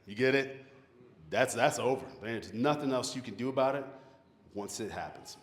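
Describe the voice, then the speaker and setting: A man giving a motivational speech to a graduating class, an animated storyteller who keeps asking the audience questions. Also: medium pitch, normal speed. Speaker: motivational speaker. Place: large hall with an audience. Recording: echoey hall, long reverb.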